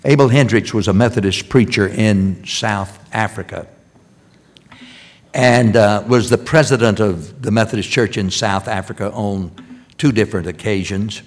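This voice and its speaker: An older man preaching a sermon in a church, repeating key phrases and swinging from loud emphasis to hushed lines. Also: lowish voice, normal speed. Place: church sanctuary.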